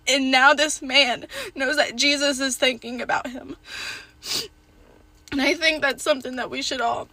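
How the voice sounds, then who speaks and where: A young woman sharing a personal testimony in a halting, rambling way, tearful as she speaks. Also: high voice, fairly even intonation, sharp tone, no echo.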